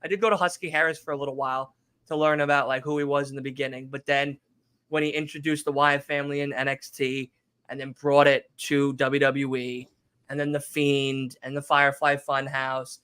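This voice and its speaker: A man's voice: mid-range voice, a little fast, smooth, no room sound. A man around thirty co-hosting a casual podcast chat, telling stories animatedly, acting out what people said and swearing freely. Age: 30s. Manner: animated storytelling, acts out quotes, swears freely. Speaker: podcast co-host.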